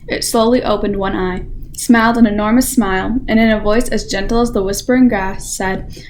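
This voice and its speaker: A woman's voice: fairly high pitch, steady tone, fairly quick, a little mellow, a little hiss or hum. Teen girl reading a picture book. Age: teenager. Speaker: library volunteer reader.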